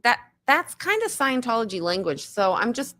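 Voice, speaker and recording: A woman's voice: fairly high pitch, big pitch swings, moderate pace, bright, forceful tone. A woman co-hosting a casual livestream chat, thinking aloud with hesitant restarts. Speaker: co-host.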